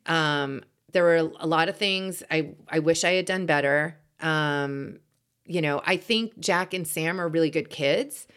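A woman in her forties with a fairly low voice, co-hosting a relaxed conversation. She speaks candidly and thoughtfully, stops and restarts her sentences, and swears now and then. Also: a little slow, clear, resonant tone. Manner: candid, reflective, swears casually. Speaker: podcast co-host. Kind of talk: casual chat.

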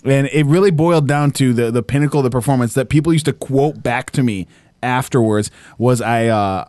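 A man's voice: mid-range voice, darkish tone, no echo. A man co-hosting a gaming podcast in casual banter, joking and laughing often, also reading an ad. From Michigan, USA. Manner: jokey, laughs often, quick riffs. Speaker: podcast co-host.

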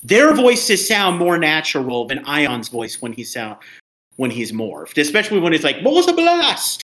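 A man's voice: a little high, sing-song, moderate pace, bright, forceful tone. A man co-hosting a casual review podcast, ranting with exasperation about things he dislikes. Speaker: podcast co-host.

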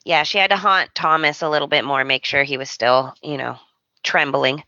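A woman's voice: low-pitched, steady tone, normal speed, bright, forceful tone, dry recording. A woman co-hosting a podcast, recapping with playful sarcasm and quoting characters. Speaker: podcast co-host. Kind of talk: casual chat recapping a soap opera. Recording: dry, dull lo-fi audio.

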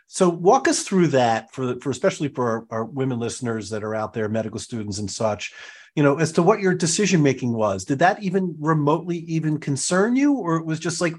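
Man, podcast host, mid-pitched voice, long rambling questions. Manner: rambling questions with many restarts and fillers. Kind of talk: podcast interview.

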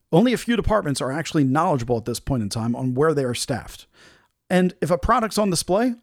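A middle-aged man with a slightly higher voice hosts his own talk show, recounting a bad customer-service run-in. He tells it animatedly, with plenty of exasperation. The recording is close and dry, with almost no room sound. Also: no echo. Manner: animated, frustrated storytelling with acted-out quotes. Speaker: podcast host. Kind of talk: solo storytelling commentary.

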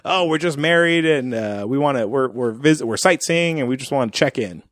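A man's voice: mid-range voice, lively intonation, fairly quick, a bit bright, no room sound, studio quality. Profane, laughing podcast co-host man. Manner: profane, laughing, acts out characters in silly voices. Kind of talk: casual movie recap chat.

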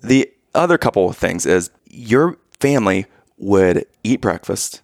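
A man in his thirties spins a family story in a relaxed, chatty way, jumping into exaggerated voices for the people he quotes. His voice has a gravelly edge. It is recorded close and dry. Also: lowish voice, a little slow, no echo. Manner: animated, exaggerated retelling with put-on quotes. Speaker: podcast co-host telling a family story. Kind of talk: casual storytelling chat.

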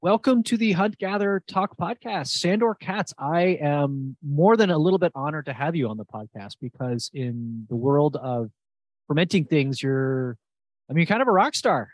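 A New Jersey man hosts a podcast, chatting enthusiastically with his guest in a casual interview and often restarting his sentences. His voice is fairly high-pitched, with lively intonation and a normal speed, and there's no room sound.

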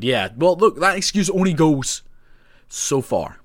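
A man's voice: a little high, very animated, a little slow, no room sound, studio quality. A British man leaving a ranting, sarcastic message as a caller, exasperated throughout.

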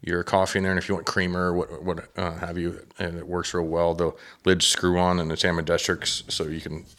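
A podcast guest, a man who hunts and runs a drinkware business, talks casually in a low voice at a slightly quick pace. He's a lively storyteller who gets worked up recounting a hunt.

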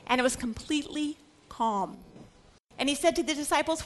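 A woman's voice: high-pitched, normal speed, a little hiss or hum. A middle-aged woman teaching a Bible lecture, earnest and emphatic. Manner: earnest, acts out scripture quotes with emphasis. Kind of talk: religious lecture.

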